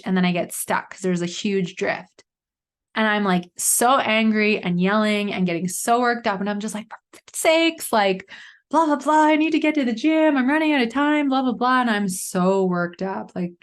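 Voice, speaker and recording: A woman in her thirties hosting a solo podcast, telling a personal story in a chatty way with lots of fillers. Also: fairly low pitch. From Canada. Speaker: podcast host. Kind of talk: casual solo podcast monologue.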